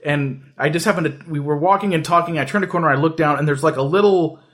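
Rambling, joking man, fairly high voice. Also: quick pace, fairly bright tone. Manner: rambling, full of fillers and restarts, joking. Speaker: podcast host. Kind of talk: casual podcast chat.

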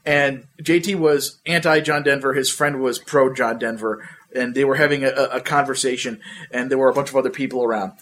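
A young man hosting a podcast, ranting and swearing in casual, animated chat. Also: mid-range voice, fairly quick. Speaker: podcast host.

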